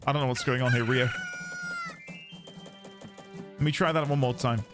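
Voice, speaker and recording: A man's voice: medium pitch, fairly even intonation, a little slow, music in the background. Chatty man streaming a game. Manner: chatty, playful, laughs often, reads chat aloud. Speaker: livestreaming gamer. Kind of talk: casual live-stream chat.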